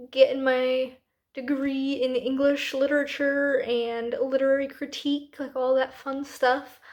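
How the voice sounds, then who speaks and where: A woman in her late twenties talking casually to camera in a rambling, self-deprecating book vlog. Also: sits high. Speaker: book vlogger.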